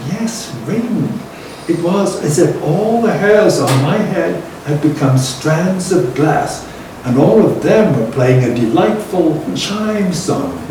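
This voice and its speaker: An older man with a Liverpool accent telling a reminiscence in a slow, reflective way, laughing between lines. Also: fairly high pitch, animated. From England. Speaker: storyteller. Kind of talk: storytelling reminiscence. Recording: roomy and distant with faint noise.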